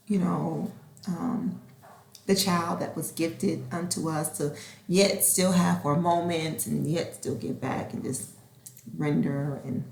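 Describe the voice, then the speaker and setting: A woman hosting a podcast in a casual, expressive monologue. She acts out conversations and sometimes slips into a whisper. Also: fairly low pitch, creaky. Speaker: podcast host. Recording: roomy echo.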